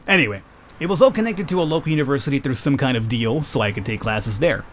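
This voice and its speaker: A man's voice: mid-range voice, expressive, fast talker, slight background noise. A man hosting a let's play, reading a story game aloud and breaking off for joking, self-mocking asides. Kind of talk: reading a visual novel aloud with jokey asides.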